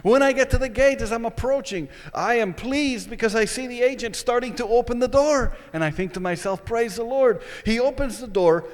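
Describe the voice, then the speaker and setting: A man telling a personal story to an audience, retelling it in an animated, dramatic way. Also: very high-pitched, normal speed, hardly any pauses. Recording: echoey hall.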